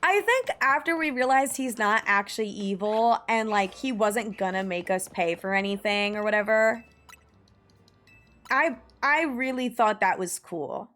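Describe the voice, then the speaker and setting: This young American streamer speaks at a measured pace in a medium-pitched, fairly bright, animated voice. She chats casually while gaming, wandering from thought to thought with lots of "like" and an occasional swear word, and faint game music hums underneath.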